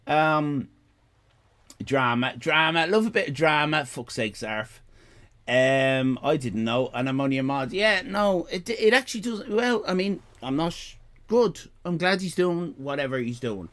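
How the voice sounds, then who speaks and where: A man's voice: fairly high pitch, animated, unhurried, a bit bright. A man in his fifties with an Irish accent, chatting casually on a live stream, rambling, repeating himself and joking with his chat. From Ireland. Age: 50s.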